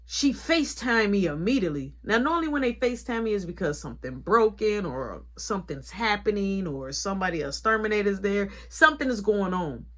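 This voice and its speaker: A young woman store manager telling a story in an animated, colloquial way. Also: mid-range voice, fairly quick, few pauses. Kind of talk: casual storytime vlog.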